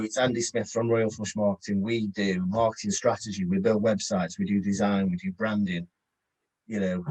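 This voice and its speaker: A man's voice: lowish voice, darkish tone, slightly rough, rough recording. An English man giving a chatty online sales workshop, talking conversationally and acting out phone calls. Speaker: webinar presenter.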